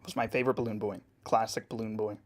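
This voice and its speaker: A man casually answering chat questions while drawing on a live stream, relaxed and chatty. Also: lowish voice, fast.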